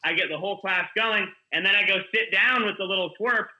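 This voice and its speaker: A man, a guest coach, telling animated stories with lots of fillers in a casual podcast chat. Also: sits high, a little fast, low-quality recording. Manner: animated storyteller, filler-heavy. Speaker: guest, kids jiu-jitsu coach.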